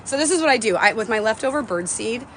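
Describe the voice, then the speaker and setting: A woman in her forties hosts a casual livestream from her phone at home, then steps outdoors to a bird feeder, rambling emotionally and swearing casually. Her voice sits on the high side, a bit bright and expressive, and she talks fast. There's slight background noise.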